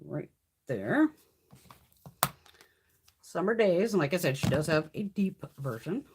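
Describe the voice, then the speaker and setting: Speaking slowly at a fairly low pitch with big swings in her intonation, a woman in her fifties runs a casual live-stream makeup haul as a beauty vlogger. She curses freely and laughs a lot, with noise in the background.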